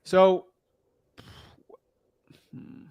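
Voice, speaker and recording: A man's voice: extremely slow, darkish tone, dry recording. A man coaching a newcomer on real estate wholesaling in a casual, blunt, slangy way.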